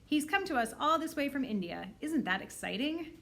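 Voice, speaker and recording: A woman's voice: a little high, lively intonation, measured pace, voice pushed up. A woman voicing a cheerful, chatty middle-aged schoolteacher with an enthusiastic classroom voice in a storybook reading. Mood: welcoming.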